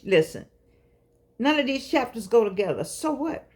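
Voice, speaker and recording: A woman's voice: medium pitch, expressive, normal speed. A woman, giving a chatty, emphatic motivational talk to camera. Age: 60s. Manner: chatty, preachy, folksy and emphatic. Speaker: vlogger speaking to seniors.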